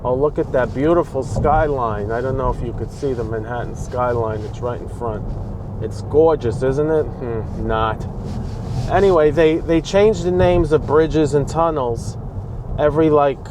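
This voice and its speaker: An aggravated man with a thick New York accent rants into a dash-mounted camera from the driver's seat. His voice sits at an ordinary middle pitch, and a faint hum of road and street noise runs under it inside the car. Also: a little slow. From New York, Bronx. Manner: aggravated, ranting, talks back at traffic. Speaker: vlogger. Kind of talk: ranting vlog while driving. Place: inside a car on city roads. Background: traffic and street noise.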